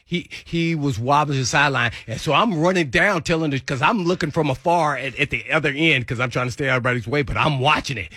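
A man's voice: on the high side, quick pace, hardly any pauses, breathy edge, no room sound, studio quality. A man co-hosting a sports talk radio show, telling locker-room stories and acting out other people's voices as he goes. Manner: animated storyteller who acts out others' voices. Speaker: radio show co-host and former pro football player.

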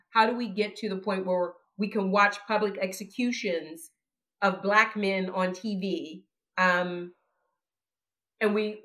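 A woman's voice: medium pitch, a bit bright. A woman, a former police chief, hosting a podcast and framing interview questions with long, conversational context.

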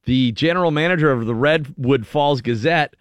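A man's voice: a little high, moderate pace, no echo. A man hosting a morning radio show, chatting casually and reading a news item aloud with playful quoted voices.

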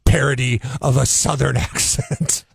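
A man's voice: mid-range voice, fairly even intonation, measured pace, gravelly, husky, no room sound. A man co-hosting a morning radio show, chatting casually and laughing often. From California.

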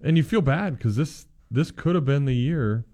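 A man co-hosting a sports talk show, firing off dry, quick comebacks in casual chat. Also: medium pitch, animated, warm tone.

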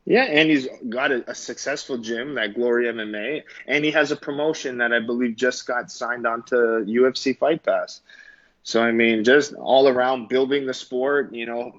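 A man co-hosting a casual mixed martial arts chat, speaking in a relaxed, loose way with some hesitation. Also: mid-range voice, no echo, highs cut off. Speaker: co-host and commentator.

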